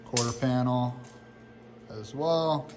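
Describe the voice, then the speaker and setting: A young man talks through his car build in a garage, his voice hoarse from overuse. His pitch sits mid-range, and he explains things casually and plainly, with the odd curse word. A faint hiss of background noise sits under his phone recording. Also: takes it slowly. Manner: casual, explanatory, occasional swearing. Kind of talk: casual how-to narration.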